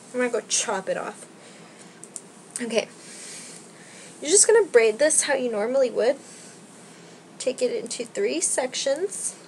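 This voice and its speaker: A woman's voice: fairly high pitch, a little hiss or hum, rough recording. A young woman giving a casual hair tutorial at home, rambling and self-deprecating, a little out of breath. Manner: chatty, self-deprecating, rambling with many likes. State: slightly out of breath. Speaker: beauty vlogger.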